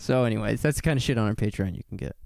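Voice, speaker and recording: A man's voice: on the low side, racing, vocal fry, a little mellow, no room sound, clean studio sound. A man hosting a podcast, talking loosely and rambling, laughing often. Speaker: podcast host. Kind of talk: casual podcast chat.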